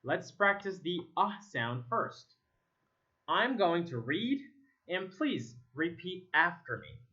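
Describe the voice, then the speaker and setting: Slow, lively man drilling vowel sounds. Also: sits high. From Egypt. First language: Arabic. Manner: stretches and repeats single words for contrast. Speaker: English pronunciation teacher. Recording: slightly dull lo-fi sound.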